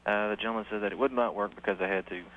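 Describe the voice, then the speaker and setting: A male caller asking a computer question, hesitant and halting. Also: fairly low pitch, fairly even intonation. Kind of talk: phone-in question. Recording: tinny phone line with faint hiss.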